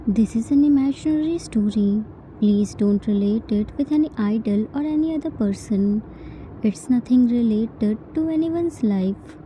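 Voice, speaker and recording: A woman reading a fan-fiction story aloud as its narrator, in a slow, careful manner. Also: fairly high pitch, dark tone, slight background noise.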